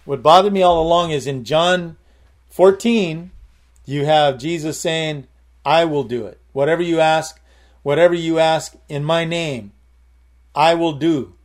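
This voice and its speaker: A man's voice: fairly high pitch, darkish tone. A male preacher giving an emphatic sermon, repeating and restarting phrases and calling out to the congregation. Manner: emphatic, addresses the congregation directly with repeated calls of "Amen?"; repeats and restarts phrases while building a point.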